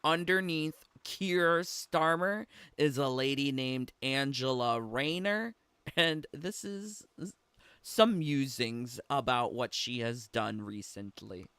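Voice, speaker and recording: A man's voice: medium pitch, slow, fairly bright tone, smooth, no room sound. A man giving casual reaction commentary on a video clip, rambling and swearing between frequent giggles.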